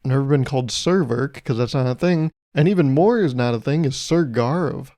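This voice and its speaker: A man's voice: medium pitch, lively intonation, moderate pace, dark tone. A young man hosting a solo podcast, riffing in a self-mocking way and acting out little imagined exchanges. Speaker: podcast host. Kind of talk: solo comedic podcast monologue.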